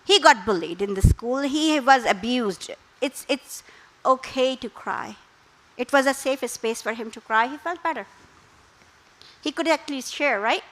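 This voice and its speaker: A middle-aged woman gives a parenting talk as a guest speaker, drawing on her work as a therapist. Her voice sits high and sounds bright. She speaks calmly and instructively. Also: a little slow, low-quality recording. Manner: calm, instructive, with acted quotes.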